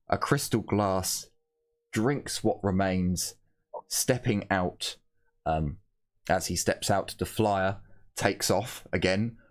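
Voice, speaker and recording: A man narrating a tabletop game as game master, wandering along with plenty of fillers and restarts. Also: low voice. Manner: meandering, full of fillers and restarts.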